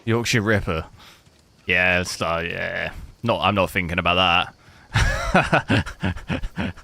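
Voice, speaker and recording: A man's voice: sits low, slow pace, gravelly, bright, forceful tone. A young man from the south coast of England with a southern English accent, chatting casually with his stream chat while playing a game. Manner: chatty, answers chat with jokey asides. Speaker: gaming streamer. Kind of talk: casual live gameplay commentary.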